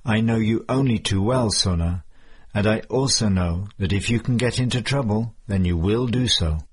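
A man's voice: lowish voice, normal speed, breathy edge. A man voicing a cautious male friend giving earnest warnings.

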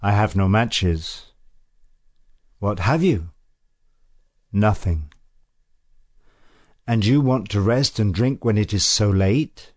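Man reading a big, sharp-eyed woman in a storybook extract, wary and mocking, pitched a little higher, low and slow delivery. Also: no room sound, studio quality. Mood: wary teasing. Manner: guarded, mocking questions.

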